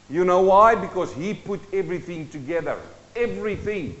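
A South African man whose first language is Afrikaans, preaching a sermon as pastor into a microphone in his church, emphatic, with rhetorical questions and slow, stressed repetition. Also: high-pitched, lively intonation, a bit bright, big-room sound, dull audio. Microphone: handheld or stand microphone.

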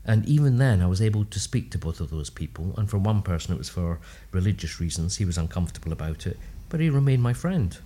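A man's voice: sits low, fast, few pauses, breathy edge. Man telling stories with humor. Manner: warm, humorous anecdotal storytelling with lively asides. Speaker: speech and language therapist, podcast guest. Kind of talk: casual storytelling interview.

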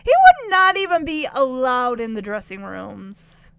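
Brief: animated woman narrator, casual recap, lively pitch, dry and close. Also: measured pace, creaky, dry recording. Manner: chatty, animated, exasperated asides. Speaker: tv episode recapper.

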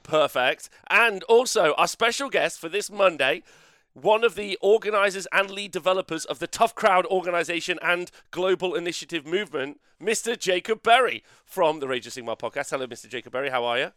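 A man hosting a podcast in a relaxed, joking way, laughing easily between introductions. His voice sits on the higher side and sounds dry and close to the mic. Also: fairly quick, dry recording. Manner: jokey, laughs often. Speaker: podcast host. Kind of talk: casual chat.

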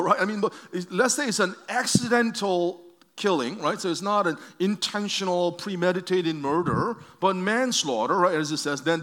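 Frequent restarts mark this pastor's conversational sermon, in which he tells stories and poses questions to the congregation. He's a man with a high-pitched voice and a fairly bright tone.

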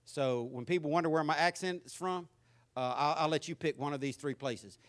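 Man, 50s, Southern accent, sermon testimony, folksy, loud-to-quiet swings, fairly high pitch. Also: fairly quick. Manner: folksy, animated storytelling with swings from loud preaching to quiet asides. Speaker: preacher.

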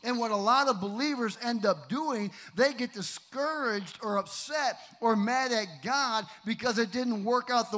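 A middle-aged man preaching a sermon, swinging from loud emphasis to hushed storytelling. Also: high voice. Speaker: pastor.

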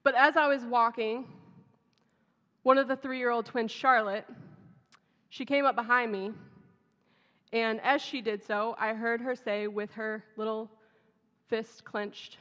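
A woman's voice: a little high, fairly even intonation, measured pace, long pauses, a bit bright. A woman pastor from Texas, giving a conversational, humorous sermon in a church. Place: church sanctuary. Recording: dull sound, long hall reverb.

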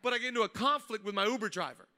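A man, a pastor preaching a sermon, mixing funny stories with loud, rising exhortation. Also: high-pitched, rapid-fire. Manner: humorous storytelling, building to loud preaching. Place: church stage before a congregation.

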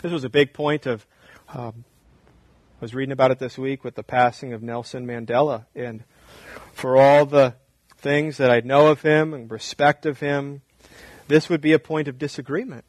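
A man preaching a sermon as pastor in a church, repeating short phrases and swinging from loud emphasis down to hushed, quiet lines. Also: mid-range voice, no room sound.

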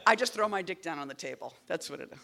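A woman's voice: on the low side, fast, gravelly. Rambling, wry woman poet at a reading. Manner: rambling, self-interrupting, wry; lively and playful, shifting between loud bursts and murmurs. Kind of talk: casual talk between poems at a live reading.

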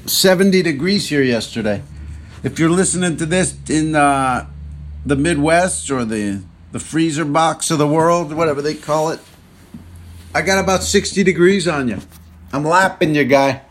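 A man hosting a countdown show, talking casually from his car and joking as he thinks aloud. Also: a little high. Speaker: show host. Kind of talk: casual rambling monologue.

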